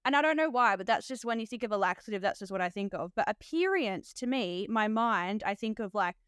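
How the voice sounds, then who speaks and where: A woman's voice: medium pitch, lively intonation, a little fast, fairly bright tone, smooth, no echo, studio quality. A woman with an Australian accent hosting a podcast as a nurse, chatty and laughing often, with lots of "like". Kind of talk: casual podcast chat.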